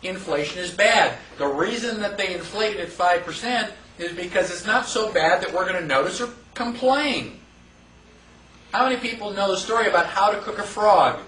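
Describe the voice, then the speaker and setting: A man teaching a live class in a casual, conversational way, asking the room rhetorical questions and acting out quick mock quotes. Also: high voice, expressive, fairly bright tone, a little hiss or hum. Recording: echoey room from far off.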